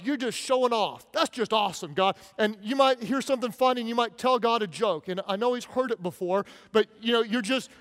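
A man delivering a sermon in a relaxed, conversational way, slipping into little voices for the people he quotes. His voice sits high for a man. The long reverb of a large church hall trails after every phrase. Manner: conversational, animated, acts out quoted prayers. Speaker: pastor.

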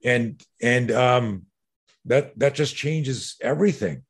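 Husky-voiced man telling a story. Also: medium pitch, slow pace. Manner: animated storyteller, swears freely. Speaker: self-defense instructor. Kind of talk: conversational storytelling.

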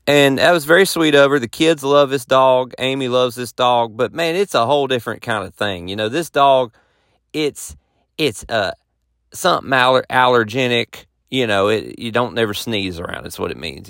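A man's voice: medium pitch, moderate pace, creaky, a bit bright, dry recording, clean studio sound. A man hosting a podcast, telling a rambling, self-mocking story in a folksy, casual way. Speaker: podcast host and touring musician.

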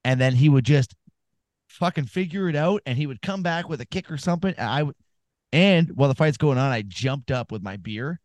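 A man's voice: mid-range voice, animated, a little fast, no echo. Profane, rambling man with a dry close sound. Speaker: podcast co-host. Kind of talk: casual sports chat.

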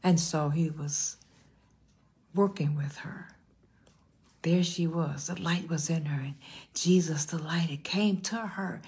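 Very husky older woman preaching. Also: sits low, slow, long pauses. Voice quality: very husky, breathy. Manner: animated, voices the people in her story. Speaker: pastor. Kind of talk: storytelling sermon.

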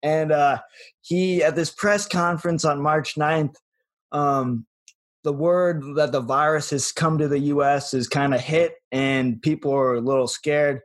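Young male co-host, slightly high voice, halting and giggly delivery, casual podcast chat. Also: fairly even intonation. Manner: hesitant, self-correcting, laughs often.

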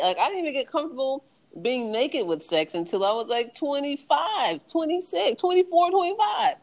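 A woman's voice: high voice, normal speed, low-quality recording. A young woman in casual chat, telling frank personal stories with lots of laughter and acted-out quotes. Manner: animated storyteller, laughs often, acts out quotes.

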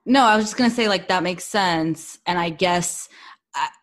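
A woman's voice: on the low side, moderate pace, a bit bright. A woman co-hosting a casual podcast, asking questions in a hesitant, thoughtful way. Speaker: podcast co-host.

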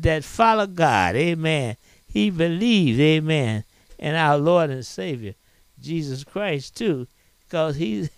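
Impassioned pastor, lively pitch. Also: male voice, clean tone, no room sound. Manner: preaching with frequent amens and hallelujahs; dramatic retelling with rising cries. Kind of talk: sermon.

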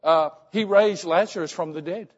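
A man voicing an elderly grieving mother who praises God loudly and repeats her questions insistently. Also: high voice, normal speed, long reverb tail, highs cut off, pitched above the performer's own voice. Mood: fervent.

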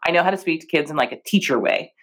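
Her voice is deep and she talks very fast. She's a young adult woman co-hosting a podcast, an animated storyteller in casual conversation who laughs frequently and performs the voices of people she quotes.

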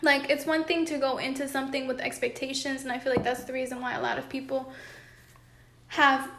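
A woman's voice: high voice, little pitch movement, fairly quick, a bit bright, echoey room. A woman co-hosting a podcast, chatting earnestly about relationships in long flowing sentences, at home with her cat. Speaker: podcast co-host.

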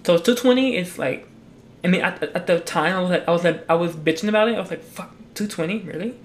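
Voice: mid-range voice, fast. Rambling, foul-mouthed young podcast host. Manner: rambling, swears constantly, many restarts. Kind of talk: casual chat. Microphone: talking into a mic.

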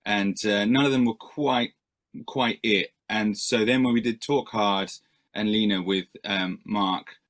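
A man's voice: fairly low pitch, fairly even intonation, measured pace, fairly bright tone. A male musician answering interview questions in a rambling, self-deprecating way, with many fillers and restarts.

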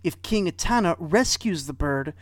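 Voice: medium pitch, lively intonation, moderate pace, dry recording. A storyteller retelling an old myth with wry asides and dry humor.

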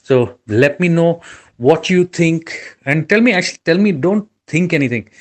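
A man's voice: a little high, lively intonation, normal speed. Rambling, slightly tipsy middle-aged man. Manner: rambling, loose and affectionate. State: a bit tipsy. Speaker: podcast co-host. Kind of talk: casual chat over drinks.

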